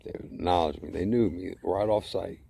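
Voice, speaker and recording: A man's voice: low voice, moderate pace, creaky, dark tone, husky. A middle-aged man ranting to camera in a blunt, heated, profane way. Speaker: vlogger. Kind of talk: angry casual rant to camera.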